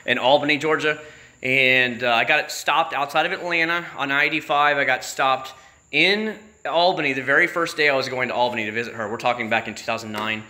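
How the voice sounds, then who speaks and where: A married man from Florida hosts a YouTube livestream, chatting casually about road stories in a mid-range, sharp voice at a fairly quick pace. He comes across as chatty, profane, and exasperated.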